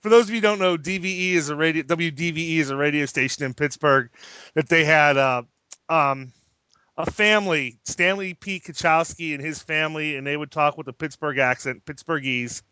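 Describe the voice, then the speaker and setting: A man hosting a casual podcast, excitable and quick to laugh. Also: a little high, clear, resonant tone, dry recording. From southwestern Pennsylvania, USA. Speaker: podcast host.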